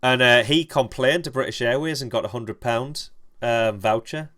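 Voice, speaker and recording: A man's voice: medium pitch, sharp tone. Rambling, foul-mouthed young man streamer. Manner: rambling, halting, swears freely. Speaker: gaming streamer. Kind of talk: casual storytelling while playing.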